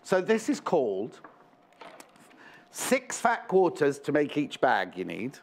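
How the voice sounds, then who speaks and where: A man's voice: fairly high pitch, wildly swooping pitch, takes it slowly. A man presenting a live shopping show in a studio, chatty and rambling with jokey asides.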